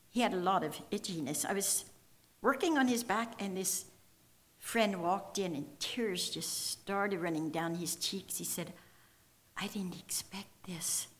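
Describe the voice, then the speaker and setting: A woman's voice: mid-range voice, a bit bright. An older woman telling a personal faith testimony in an earnest, emotional storytelling manner, voicing the people in her story. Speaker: speaker sharing a testimony.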